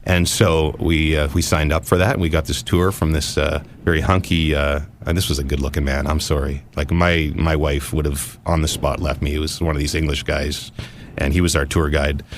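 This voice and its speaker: A man hosting a podcast, telling lively anecdotes in casual chat and acting out what people said. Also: a bass voice, normal speed, slight background noise. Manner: animated storyteller, acts out quotes. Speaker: podcast host.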